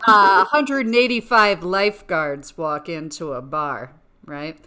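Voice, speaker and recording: A woman's voice: mid-range voice, a little slow, few pauses, clear, resonant tone. A woman doing online improv comedy, telling playful joke setups. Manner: playful storyteller, lively delivery. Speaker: improv performer. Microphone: video call.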